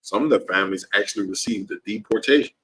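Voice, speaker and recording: A man's voice: lowish voice, quick pace, a bit bright, breathy edge, rough recording. A man teaching a class in an impassioned preaching style, heated and repetitive, his voice leaping upward when he gets worked up.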